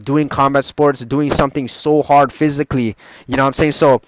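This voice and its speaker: A young man giving casual, profane motivational advice, rambling with lots of fillers and swinging between loud emphasis and quiet asides. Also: mid-range voice, fairly even intonation, fairly quick, slight background noise. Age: young adult. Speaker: motivational vlogger.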